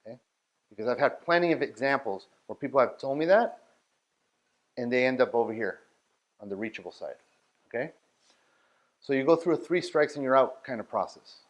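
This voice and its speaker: A man's voice: mid-range voice, muffled recording. A man leading a workshop, talking bluntly and directly and often checking that his listeners follow. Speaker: outreach workshop leader. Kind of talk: workshop talk.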